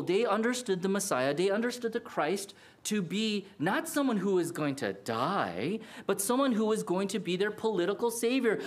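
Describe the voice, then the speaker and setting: A man preaching a sermon as pastor, earnest and animated, acting out quoted lines. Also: sits high.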